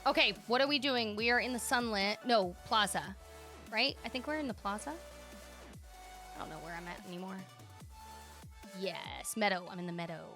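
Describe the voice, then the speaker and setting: A woman streamer commenting excitedly on a game, gushing and thinking aloud as she tours player-made spaces. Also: medium pitch, moderate pace, long pauses, faint music behind.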